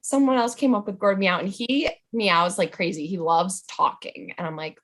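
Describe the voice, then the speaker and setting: Chatty young woman guest, mid pitch. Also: moderate pace, a bit bright. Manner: chatty, filler-heavy, playful. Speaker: podcast guest. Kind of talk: casual podcast chat.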